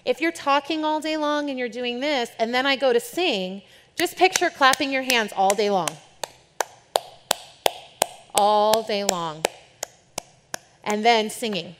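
A woman's voice: high voice, moderate pace, background noise. Chatty woman worship leader in a reverberant hall. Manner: chatty and candid, shifts into playful quoted voices. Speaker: worship leader speaking to a group. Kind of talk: informal talk to a church group. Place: church or event hall with an audience.

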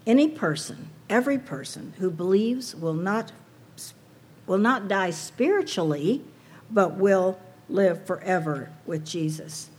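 A woman's voice: mid-range voice, lively intonation, measured pace, slightly rough. A woman preaching a sermon to a women's audience, earnest and personal, asking rhetorical questions.

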